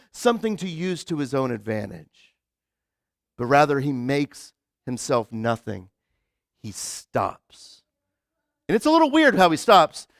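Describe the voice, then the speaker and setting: A man pastor preaching a conversational sermon, casual and animated, full of filler words and joking with the congregation. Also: high voice, no room sound, clean studio sound. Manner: casual, animated, heavy use of "like" and restarts; jokes with the congregation. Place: church sanctuary.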